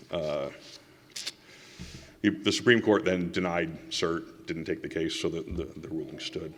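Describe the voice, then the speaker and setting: Guy giving a talk at a conference, kinda sarcastic asides, low-ish voice, big echoey hall. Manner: reads quotations aloud. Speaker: conference speaker. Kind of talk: public lecture. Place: lecture hall. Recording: reverberant hall.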